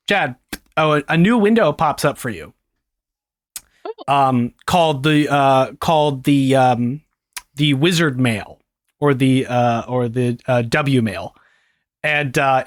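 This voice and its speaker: A man narrating as game master of a tabletop game, laughing often and filling pauses with ums. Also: mid-range voice. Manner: laughs often, many fillers.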